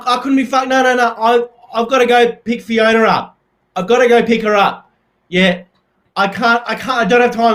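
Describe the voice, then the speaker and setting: Man doing a bossy, frazzled Aussie housemate; higher, louder, rushed. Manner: loud, rushed and exasperated. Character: frazzled young man bossing his housemate.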